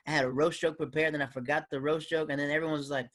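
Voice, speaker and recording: A man's voice: on the high side, fairly even intonation, rapid-fire, hardly any pauses, a bit bright. A man, a guest comedian, telling stories in a casual podcast chat and acting out other people's voices. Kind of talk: casual storytelling in a podcast interview.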